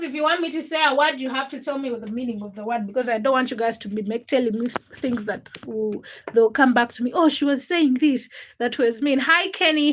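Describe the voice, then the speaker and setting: Bright, high-voiced woman livestreaming chat. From Uganda. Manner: chatty, greets viewers by name, answers comments. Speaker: livestream host. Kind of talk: casual livestream chat greeting viewers. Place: at home.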